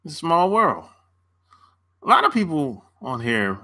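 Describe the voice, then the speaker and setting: A man's voice: on the high side, very animated, measured pace, pushed and bright. A man coaching on dating in a casual livestream, laid-back, chuckling often and answering viewers' chat by name.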